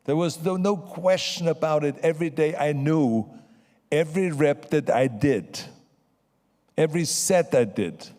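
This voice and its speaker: A man's voice: mid-range voice, mellow. Emphatic older man with an accent. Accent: foreign accent. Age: 70s. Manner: emphatic, repeats key phrases. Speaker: honoree giving an acceptance speech. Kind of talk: motivational speech. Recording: long hall reverb.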